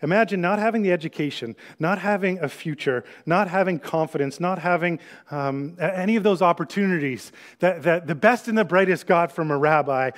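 A man preaching a sermon, retelling scripture as a story and dropping to a hushed tone when he reads it aloud. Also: high-pitched, fairly quick, few pauses. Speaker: pastor.

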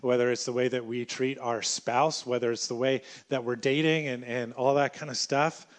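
A man preaching a sermon in an animated way, acting out everyday scenes as he talks. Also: medium pitch, moderate pace.

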